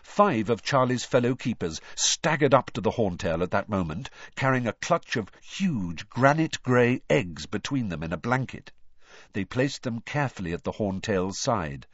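A man narrates a storybook with a dramatic, expressive delivery and lively pitch. His voice is husky, heard close and dry on a dull recording. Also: normal speed, no echo. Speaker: audiobook narrator.

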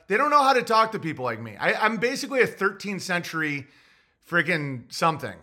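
A man hosting a livestream, reading viewer super chats and rambling casually, booming theatrically as he acts out his own replies. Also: very animated, fairly quick, sharp tone.

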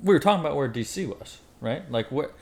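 A man's voice: a little high, expressive, fast. A man guesting on a casual podcast, asking questions and hedging that he isn't sure. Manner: unsure, hedging, curious.

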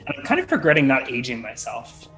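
A man's voice: mid-range voice, huge pitch swings, fast, a bit bright, faint music behind, poor audio. A man chatting casually as a tabletop game player, rambling and breaking off his own sentences. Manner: chatty, rambling, self-interrupting.

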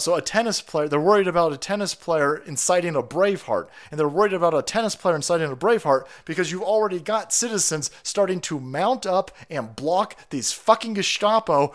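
A man's voice: a little high, animated, a little fast, few pauses. A man hosting a livestream, ranting in a profane, fired-up, rallying way while sick with a cold. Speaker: livestream host.

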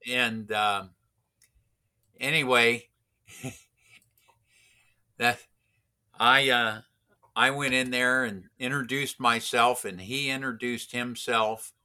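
A man tells a long anecdote in a casual, rambling way, circling back with restarts and fillers. He talks slowly, and his voice has a very bright tone. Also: mid-range voice, steady tone. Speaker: racing driver instructor. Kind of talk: casual storytelling.

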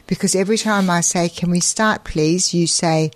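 A woman's voice: fairly low pitch, moderate pace, dry recording. A woman co-hosting a podcast in casual chat, teasing her co-host and laughing often.

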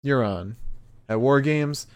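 A man's voice: medium pitch, slow, smooth, voice pushed up, close to an everyday voice. A man doing a smug, cocky wrestler. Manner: smug, dismissive.

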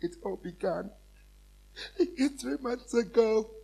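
A man's voice: sits high, slow pace, vocal fry, mellow, slightly rough, full character voice. A man putting on a tearful heartbroken young woman. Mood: hesitant.

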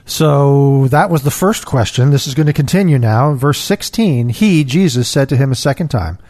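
Animated man with a lively voice. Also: mid-range voice, moderate pace. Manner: animated, pictures the scene aloud, reads verses. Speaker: co-host of a Bible discussion. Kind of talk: casual Bible study discussion.

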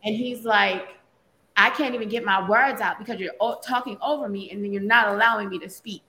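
A woman's voice: mid-range voice, brisk. A woman co-hosting a casual talk show, telling a family story with laughter and acted-out quotes. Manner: animated storytelling, laughs often, acts out quotes. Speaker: podcast co-host, mother. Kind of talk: casual chat.

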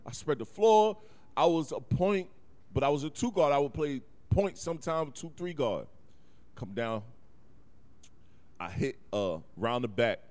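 A man's voice: a little high, a little slow, pauses often. A man co-hosting a podcast, telling stories in casual slang with lots of laughing and profanity. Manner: animated storytelling, profane slang, frequent laughs. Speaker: podcast co-host. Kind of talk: casual chat.

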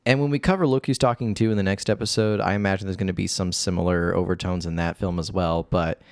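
A man with a low, gravelly voice co-hosts a casual podcast. He talks in an excitable, playful way and swears freely. The sound is close and dry. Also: fast, dry recording. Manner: excitable, profane, playful outbursts. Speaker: podcast co-host. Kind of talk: casual chat.

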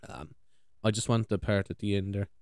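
A man's voice: on the low side, fairly even intonation, a little fast. An Irish man hosting a show, chatting casually in a rambling, sweary way and laughing easily. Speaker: podcast host. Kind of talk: casual chat.

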